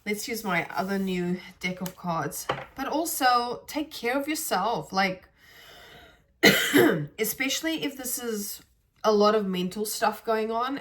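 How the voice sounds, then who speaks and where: A woman's voice: medium pitch, fairly bright tone, far from the mic. A woman talks through a reflective podcast episode in a loose, chatty way. She speaks earnestly and straight to her listeners, checking in with them as she goes. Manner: chatty, earnest, addresses listeners as guys, frequent "like" and "right". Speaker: podcast host. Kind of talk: casual reflective talk to camera.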